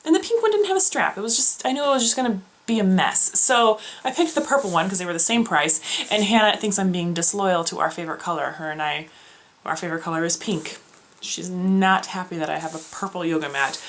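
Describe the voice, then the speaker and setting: A young woman telling a story in a casual vlog, animated, with lots of fillers and restarts, acting out the voices of others. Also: lowish voice, quick pace, slight background noise. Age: young adult. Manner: frequent filler words and self-corrections. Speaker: beauty vlogger.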